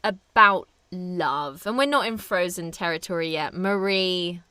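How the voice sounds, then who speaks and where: A woman's voice: on the low side, unhurried, bright, forceful tone, clear, resonant tone, no room sound. A young woman co-hosting a film podcast, chatting casually and enthusiastically, laughing often. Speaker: podcast co-host.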